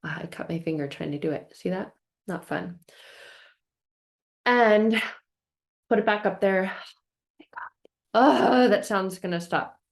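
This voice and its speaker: A woman's voice: lowish voice, unhurried, pauses often. A woman hosting a casual self-help vlog, telling a story expressively, acting out her frustration in quoted outbursts and repeating phrases in rhythmic lists. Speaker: self-help video host.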